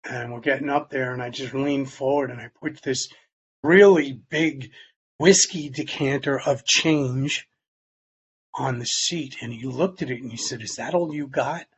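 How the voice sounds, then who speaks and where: A man telling a personal story in plain, halting words, sometimes dropping almost to a whisper. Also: mid-range voice, dull audio, a little hiss or hum. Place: Long Island, New York.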